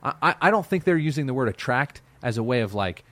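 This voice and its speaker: A teasing, argumentative man co-hosting a podcast. His pitch swings up and down a lot as he pushes his point. The sound is close and dry, with no room echo. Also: big pitch swings, quick pace, few pauses, fairly bright tone. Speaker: podcast co-host. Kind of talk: casual chat.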